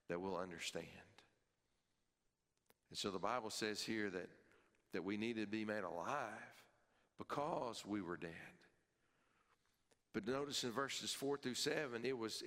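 Emphatic preacher in a reverberant hall. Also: male voice, fairly bright tone. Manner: emphatic, repeating key phrases and building in pitch and volume. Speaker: pastor. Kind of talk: sermon.

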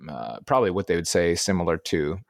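A man's voice: sits low, animated, quick pace, gravelly, no echo, clean studio sound. A man with a Midwestern American accent, co-hosting a podcast in casual, rambling chat with frequent laughs and restarts. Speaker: podcast co-host.

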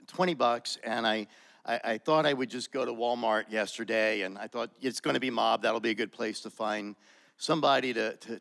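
Halting man telling a testimony. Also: medium pitch, creaky, fairly bright tone. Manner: halting, with many fillers and restarts. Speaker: church member sharing a testimony. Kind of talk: casual spoken testimony. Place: church service room. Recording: long hall reverb.

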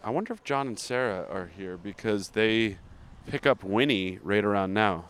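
A man's voice: fairly low pitch, moderate pace, a bit bright, clean tone. A man cohosting a podcast while walking outdoors, quizzing his friend playfully and rambling through anecdotes. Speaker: podcast co-host. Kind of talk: casual walking chat. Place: outdoors on a city street.

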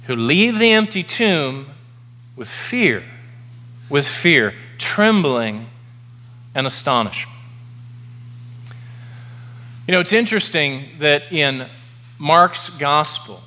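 A man preaching a sermon as pastor, emphatic, repeating key words slowly for effect. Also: on the high side, pushed and bright. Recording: long reverb of a large hall.

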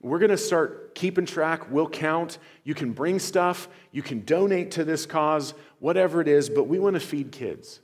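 Man, pastor, sermon, earnest and conversational, slightly high voice, church hall reverb. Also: normal speed, hardly any pauses. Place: church sanctuary.

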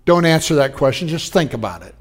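A man's voice: on the high side, very animated, fast. A man in his sixties preaching a conversational sermon, folksy, telling personal stories and asking the congregation questions. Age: 60s. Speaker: pastor.

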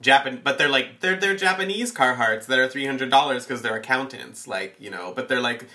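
A man in casual chat, joking and animated. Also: medium pitch, fairly quick. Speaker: guest.

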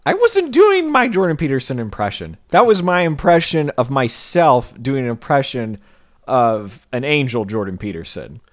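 A man co-hosting a podcast who talks casually with dry, deadpan sarcasm. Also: mid-range voice, moderate pace, no echo. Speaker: podcast co-host. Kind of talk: casual chat.

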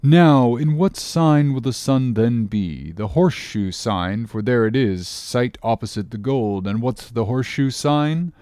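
A man voicing an obsessive, brooding old sea captain in an audiobook, declaiming slowly and solemnly. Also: mid-range voice, darkish tone, clear, resonant tone, no room sound, studio quality, close to an everyday voice. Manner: slow, heavy, solemn declaiming. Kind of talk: audiobook character reading.

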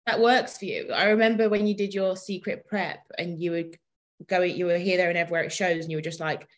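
A woman's voice: on the low side, fairly even intonation, brisk. A young adult woman in casual chat, teasing and laughing often as she recalls shared moments. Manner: giggly, teasing.

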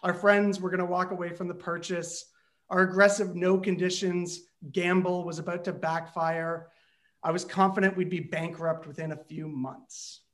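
A man telling a comic personal story, animated, building tension and bursting into shouted lines. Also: sits high, moderate pace.

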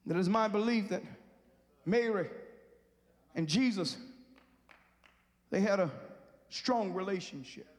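High-voiced preacher whooping in a church. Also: male voice, takes it slowly, long pauses. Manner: whooping, chanting with huffed "huh" breaths. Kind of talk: sermon. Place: church sanctuary. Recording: music behind, long hall reverb.

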